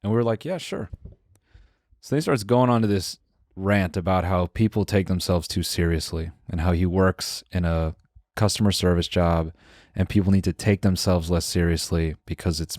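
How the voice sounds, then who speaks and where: A young man with a fairly low voice spins a casual story on a podcast, jumping into the voices of the people he describes and swearing freely. The sound is dry and close to the mic. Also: fairly even intonation, normal speed, a little mellow, no echo. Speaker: podcast co-host.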